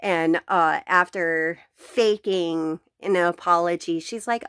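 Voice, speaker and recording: A woman's voice: fairly low pitch, slow pace, fairly bright tone, smooth, no room sound, studio quality. A woman venting bluntly to camera about her day, swearing freely and laughing between sentences, recorded at home. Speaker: vlogger. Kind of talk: casual venting rant to camera.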